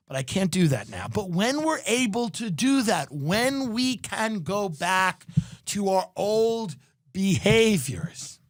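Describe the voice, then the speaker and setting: A man with a high, reedy speaking voice rants through a sardonic comedy monologue, recorded close and dry. He is a podcast host, and his ranting style keeps breaking into bursts of mock shouting. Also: sing-song, slow pace, dry recording.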